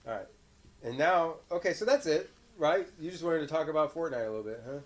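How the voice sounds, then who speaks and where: A man hosting a casual chat with his young son, telling stories in an animated way and laughing often. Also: on the high side, fairly quick. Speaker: podcast host and father.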